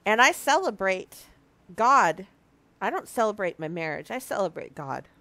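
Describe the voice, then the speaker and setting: A woman's voice: mid-range voice, big pitch swings, normal speed, pushed and bright, no room sound. A woman in her early fifties giving an earnest, confessional devotional talk to her viewers, teary and close to crying, often restarting her sentences. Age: 50s. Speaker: marriage ministry speaker.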